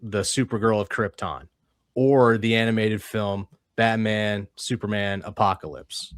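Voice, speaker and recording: A man's voice: fairly low pitch, fairly even intonation, a little slow, clean tone, dry recording, clean studio sound. A man hosting a casual comic-book discussion who argues his points and teases his friends. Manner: argumentative, teasing. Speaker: podcast host.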